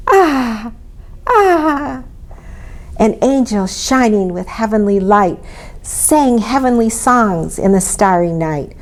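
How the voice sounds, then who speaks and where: A woman reading a children's story aloud in an expressive way, inviting her listeners to join in. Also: mid-range voice, measured pace. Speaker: storybook reader.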